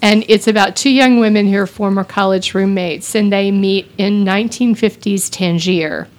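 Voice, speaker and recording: A woman's voice: medium pitch, moderate pace. A woman from Texas with a light Texan drawl, chatting casually on a podcast and laughing often. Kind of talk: casual chat.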